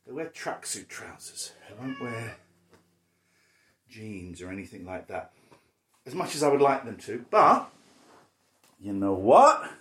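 A man's voice: medium pitch, animated, unhurried, pauses often, fairly bright tone, a little hiss or hum. A man in his forties chatting candidly while he packs at home, stopping to talk to his dog. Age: 40s. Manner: rambling, candid, talks to his dog between thoughts. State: out of breath from stairs. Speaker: vlogger. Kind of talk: casual chat while packing. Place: home, indoors.

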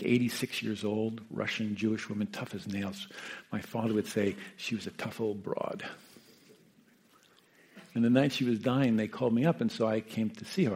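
A man, a meditation teacher who sat with the dying, gives an unhurried, reflective talk, often checking in with his listeners. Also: on the low side, creaky, slightly rough. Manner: gentle, unhurried, often asks "Yeah?" and "you know". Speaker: meditation teacher and hospice caregiver.

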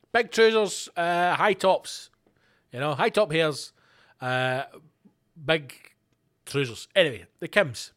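Male podcast host, slightly high voice, unhurried sweary rambling rant. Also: fairly bright tone. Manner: rambling and profane, with frequent fillers and asides. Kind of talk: casual solo podcast rant.

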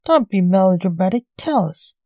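A woman's voice: mid-range voice, animated, normal speed, warm tone, no room sound, studio quality, lightly acted. Grim knight executioner, read by a woman. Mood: stern. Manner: grim, commanding. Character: stern male knight, harsh executioner. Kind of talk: storybook reading.

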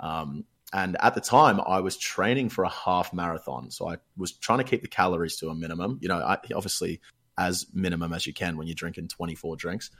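Deep aussie dude rambling thru a story, swears a lot, casual chat. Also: male voice, brisk. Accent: Australian. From Australia. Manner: rambling, swears freely, animated retelling.

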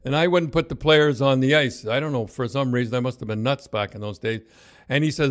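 A man's voice: mid-range voice, a little fast. An older man, a former hockey coach, telling rambling stories in casual chat, full of restarts and acted-out quotes. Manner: rambling anecdotes, lively, many restarts and quoted voices.

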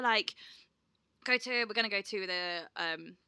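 Young woman, podcast co-host, very bright, dry close sound, chatty and laughing. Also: mid-range voice, moderate pace, clear, resonant tone, dry recording. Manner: chatty storyteller, laughs often, swears casually. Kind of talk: casual chat.

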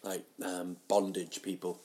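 A man rambling through a comic monologue, mocking himself and jumping into loud, silly voices. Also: deep voice, completely flat delivery, measured pace. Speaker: comedian doing a solo audio show.

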